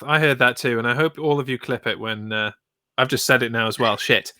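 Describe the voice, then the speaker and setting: A man co-hosting a podcast with a bright, forward voice and dry, joking asides. The recording is close and dry. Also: mid-range voice, brisk, dry recording. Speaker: podcast co-host. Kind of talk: casual chat.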